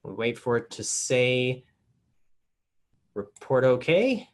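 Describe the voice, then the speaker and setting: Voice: medium pitch, big pitch swings, slow pace. A product support trainer giving a casual, step-by-step instructional demonstration. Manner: step-by-step explaining, casual filler words.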